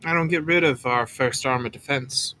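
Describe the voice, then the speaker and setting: A man's voice: medium pitch, moderate pace, sharp tone, slight background noise, close to an everyday voice, low-quality recording. A man voicing a stern, formal male patrol guard who serves a noble lord.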